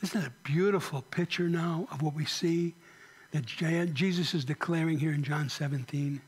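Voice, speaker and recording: A man's voice: a little high, moderate pace, breathy edge. A man preaching a sermon as pastor, asking the congregation rhetorical questions and sometimes dropping to a whisper.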